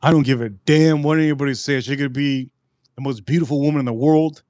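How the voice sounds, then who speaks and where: A man hosting a live stream and telling a personal story in an animated, profane way, often repeating his lines. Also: medium pitch, fairly quick, dry recording.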